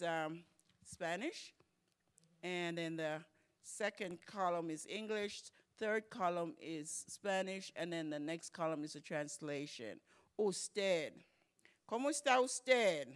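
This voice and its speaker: A Spanish teacher leading a church class, explaining patiently, spelling words out and repeating phrases, louder and livelier in acted examples. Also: medium pitch, smooth.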